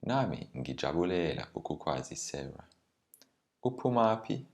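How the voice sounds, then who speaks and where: A friendly man asks questions in a scripted language lesson dialogue, read by the teacher. He reads slowly and carefully in his own voice. The voice is extremely deep. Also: big pitch swings. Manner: plain careful reading of dialogue lines.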